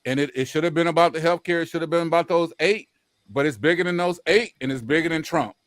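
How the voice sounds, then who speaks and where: A man's voice: a little high, fast, fairly bright tone, no echo. A man from the American South with a Southern accent, talking earnestly on a live-stream panel, repeating himself and swearing at times. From Louisiana, Mississippi. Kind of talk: impassioned casual talk.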